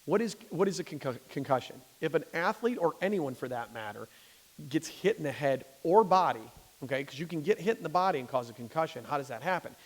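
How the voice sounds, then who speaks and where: With a long hall reverb behind him, a physician lectures a lay audience in a church hall. His voice is a little high and brisk, with lively intonation; he speaks conversationally, frequently restarting sentences and asking "okay?".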